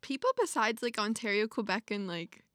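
A woman's voice: medium pitch, fairly quick, a bit bright, no echo, studio quality. A young woman, telling travel stories in a casual chat and laughing between phrases. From Canada. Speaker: podcast co-host.

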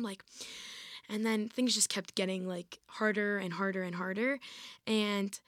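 A woman's voice: mid-range voice, steady tone, normal speed, no echo, studio quality. A young woman, a former college athlete, telling her personal story in an interview in a casual way, with lots of "like" and restarts. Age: young adult. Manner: casual, heavy use of "like", many restarts.

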